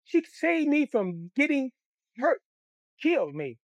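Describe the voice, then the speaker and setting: A man from Detroit telling a childhood story in a blunt, crude, animated way. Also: extremely high pitch, takes it slowly, no echo. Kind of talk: comic storytime.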